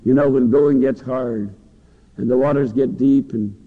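A man's voice: mid-range voice, measured pace. A man preaching a sermon in a church, with passionate, rising and falling delivery. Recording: dull lo-fi recording in a long-echo hall.

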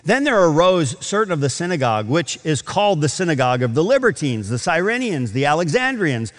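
A man's voice: on the high side, sing-song, fairly quick, in a large hall. A man preaching a sermon, telling a story with acted quotes and building to emphatic points. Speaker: pastor.

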